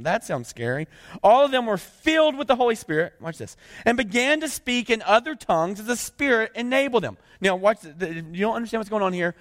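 A high-voiced man preaching a sermon in an animated, conversational way. He reads scripture aloud and keeps breaking off to explain it in plain talk. His voice carries a long reverb from a large hall. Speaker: pastor.

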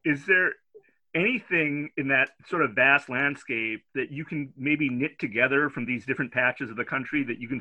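A man's voice: medium pitch, sharp tone, dry recording. A man hosting a podcast, asking long, winding questions full of fillers. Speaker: podcast host. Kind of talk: interview questions. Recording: dull, dry lo-fi sound.

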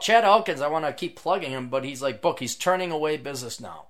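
A male podcast host talks off the cuff, sarcastic and wandering, tossing out plugs between asides. His voice sits a little higher than most men's, and he jumps from loud bursts to low mutters. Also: animated, fairly quick, few pauses. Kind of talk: casual monologue reading out plugs.

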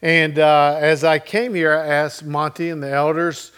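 A middle-aged man preaching a sermon as a pastor, telling a story in a conversational way and often checking in with his listeners. He moves between loud and very soft delivery. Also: a little high, flat delivery, a little slow, clear, resonant tone.

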